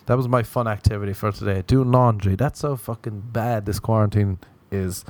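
A man's voice: lowish voice, fairly even intonation, normal speed, hardly any pauses, a little mellow, no room sound. Sardonic young man ranting on a podcast. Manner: sardonic, swearing, self-mocking. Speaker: podcast host. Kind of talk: solo comedic podcast rant. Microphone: podcast microphone.

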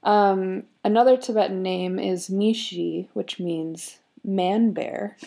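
Gravelly-voiced woman telling a story. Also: mid-range voice, slow pace, mellow. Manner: giggly, with frequent fillers and laughs. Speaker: podcast co-host. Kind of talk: casual chat and story retelling.

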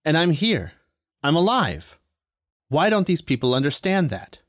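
A man voicing a proud, stubborn male dodo bird who shouts insistently. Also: fairly high pitch, sing-song, unhurried, no room sound, studio quality, voice pushed up. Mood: distressed.

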